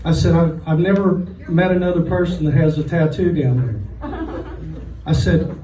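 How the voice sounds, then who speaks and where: A man in his sixties from Oklahoma doing a deadpan stand-up set at a restaurant comedy night. He tells his stories in a dry voice and slips into short quoted voices for the people in them. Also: a little high, moderate pace, a faint crowd, slight background noise. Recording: echoey room, voice heard from a distance.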